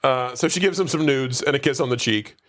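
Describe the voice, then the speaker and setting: A podcast co-host, his voice medium-pitched, brisk, and fairly bright, casually retells a movie plot. His recap chat rambles with many asides and quoted lines.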